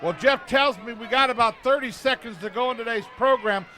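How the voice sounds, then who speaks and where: High-voiced man hyping wrestling shows. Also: a little fast, raised voice, crowd noise. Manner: folksy hype, repeats "I tell you what". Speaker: color commentator and promoter. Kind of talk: wrestling TV commentary with event promos.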